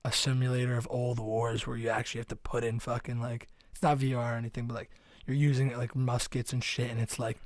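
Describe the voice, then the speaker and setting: A man's voice: mid-range voice, flat delivery, fast, no room sound. Man, comedy podcast co-host, casual banter, swears a lot, dry close mic. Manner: joking, profane, laughing often. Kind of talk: casual chat. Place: small home studio.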